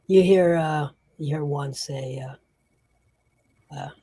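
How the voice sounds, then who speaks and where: A woman running a fantasy tabletop game as game master, narrating slowly and haltingly. Her voice is lower than most and mellow, with a husky, breathy grain. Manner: halting, many fillers and restarts.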